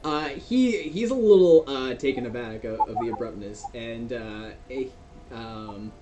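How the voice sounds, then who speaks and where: Rambling male game master. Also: medium pitch. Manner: rambling, many fillers and restarts, laughs often. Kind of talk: narrating a tabletop game live. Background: music.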